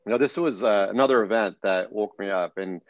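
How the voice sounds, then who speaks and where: A middle-aged man, a podcast guest, telling a personal story in an earnest, animated way, often restarting his sentences. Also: fairly low pitch, brisk, no room sound, dull audio. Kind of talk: casual storytelling interview.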